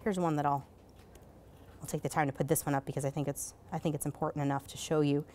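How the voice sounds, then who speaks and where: A woman giving a conference presentation in a casual, hurried way, full of fillers and asking "right?" as she goes. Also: low-pitched, fairly even intonation, dark tone, a little hiss or hum. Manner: casual, many fillers, rhetorical "right?" tags; hurried, self-correcting. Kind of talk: live presentation. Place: conference session.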